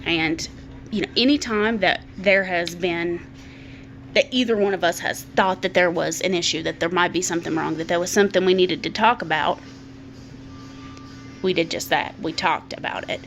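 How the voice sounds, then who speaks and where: A woman's voice: fairly low pitch, normal speed, a bit bright, faint music behind. A middle-aged woman speaking candidly to camera in a personal vlog, often repeating words as she thinks aloud. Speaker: vlogger.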